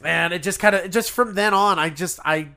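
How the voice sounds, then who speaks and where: A man's voice: high voice, moderate pace, creaky, sharp tone, smooth. A man guest on a podcast, casually telling a rambling story and acting out the voices of the people in it. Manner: rambling, acts out voices in his stories.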